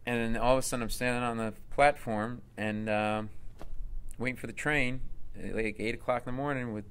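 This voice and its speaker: A middle-aged man from Rhode Island tells a story about his career as a guest in an interview. He speaks at a middling pitch and talks with animation, slipping into the voices of the people he quotes. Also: steady tone, fairly quick, fairly bright tone, clean tone. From Rhode Island, USA. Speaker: stand-up comedian, interview guest.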